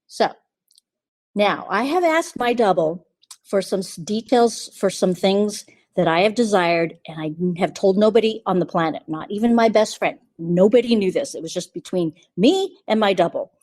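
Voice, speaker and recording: A woman's voice: mid-range voice, moderate pace, no echo. A woman podcast host telling a personal story in a casual, confiding way, often acting out what others said. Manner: chatty, confiding, quotes others in lively asides.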